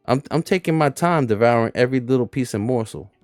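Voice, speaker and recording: A man's voice: medium pitch, lively intonation, fast, darkish tone, no echo, soft background music. A man hosting a casual reaction stream, rambling loosely with crude humor.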